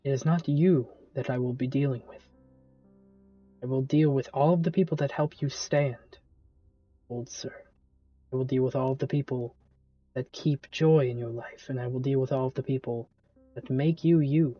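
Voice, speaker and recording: A man putting on a soft menacing stranger. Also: medium pitch, steady tone, normal speed, long pauses, no room sound, highs cut off, faint music behind, close to an everyday voice. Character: creepy calm man with golden eyes.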